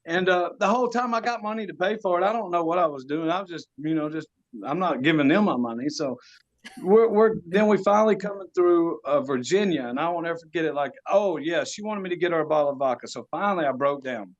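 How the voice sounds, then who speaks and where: A man with a drawl tells a story as a podcast guest. His voice sits a bit high, and he drops into slang and chuckles often. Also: fast, dull audio. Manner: animated, laughing storyteller with Southern US slang. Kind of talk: casual storytelling.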